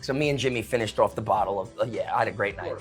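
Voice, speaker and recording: A man's voice: lowish voice, rapid-fire, faint music behind. A man in his late twenties, a band musician, telling a story casually and acting out the people in it. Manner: animated, acts out quotes loudly.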